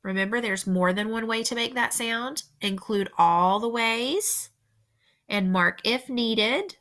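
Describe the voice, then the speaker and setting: Young students hear a woman teacher dictate their spelling test slowly, with each word said again and instructions given carefully and deliberately. Her pitch is fairly high and her tone fairly bright.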